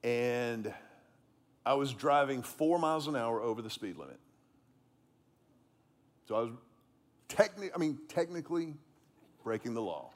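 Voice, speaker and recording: A male pastor, preaching a sermon in an animated, conversational way with self-deprecating humor. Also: mid-range voice, measured pace, long pauses.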